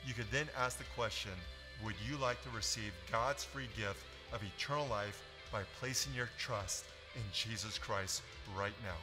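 A man calmly teaching listeners step by step how to share their faith. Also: fairly low pitch, moderate pace. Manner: calm step-by-step instruction. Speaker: teacher of evangelism. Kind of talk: instructional sermon teaching. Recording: long hall reverb with faint music.

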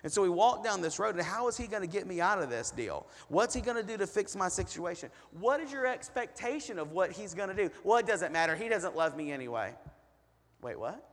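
Guy preaching in a church hall, kinda high voice, lots of reverb, asks questions to the room. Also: big pitch swings, fairly quick, hardly any pauses. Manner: conversational preaching, rhetorical questions. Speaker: pastor. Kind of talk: sermon.

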